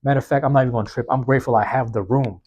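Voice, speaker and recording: A slightly hoarse man hosting his own podcast, talking alone in a casual, slangy way and repeating key phrases for emphasis, recorded with a phone microphone in a small university room. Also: medium pitch, fairly even intonation, racing, a little mellow, highs cut off. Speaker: podcast host. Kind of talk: solo motivational monologue. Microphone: plug-in microphone on a phone.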